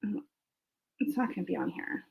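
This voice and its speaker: A woman's voice: brisk, phone-quality sound. A woman co-hosting a casual live stream, chatty and apologizing to viewers while they wait. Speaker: co-host.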